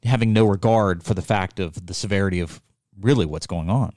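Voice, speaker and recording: A man chatting casually on a podcast, telling a story with lively, acted-out quotes. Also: low-pitched, brisk, no echo, studio quality. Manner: animated storyteller, acts out quotes. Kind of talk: casual chat.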